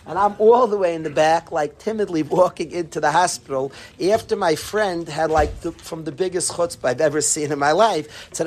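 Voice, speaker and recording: A man telling a humorous personal anecdote to a group, animated and self-deprecating. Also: a little high, normal speed, few pauses. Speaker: storyteller.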